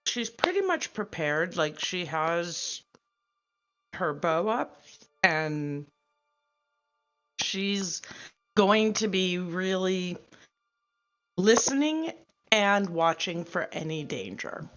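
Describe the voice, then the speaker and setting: A woman speaks as a player at a tabletop game, drawing her words out very slowly with pauses. Her voice sits a little low and comes through a dull, lo-fi mic. Faint music plays behind. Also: very animated, fairly bright tone. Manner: slow and hesitant. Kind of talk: casual chat at a game table.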